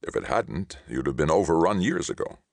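A man's voice: very deep voice, sing-song, brisk, creaky, no echo, pitched above the performer's own voice, full character voice. A man reading the part of a stern government envoy, speaking firmly and emphatically in clipped phrases.

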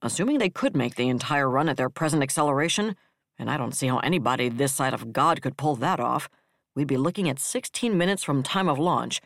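A man's voice: mid-range voice, lively intonation, fairly quick, vocal fry, fairly bright tone, no room sound, clean studio sound. The narrator voicing a worried male operations officer briefing his admiral aboard a warship, in a sci-fi audiobook. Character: tense male starship ops officer.

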